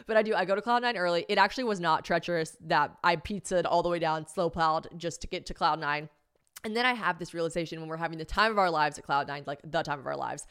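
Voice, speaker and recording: Animated, swearing woman telling a story. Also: on the low side, fast, smooth. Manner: animated, swearing, self-mocking, acts out quotes. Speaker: podcast host. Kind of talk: casual comic storytelling.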